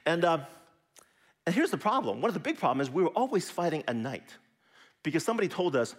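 A middle-aged pastor preaches in a chatty, animated voice that leaps around in pitch and sits a little high for a man. He lets key words drop into a hushed near-whisper. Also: fast talker, long pauses. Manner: lively, conversational preaching with sudden soft drops. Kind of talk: sermon.

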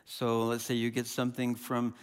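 A man preaching a sermon as pastor, animated and conversational, often restarting and repeating words. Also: mid-range voice, moderate pace, smooth. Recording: long hall reverb.

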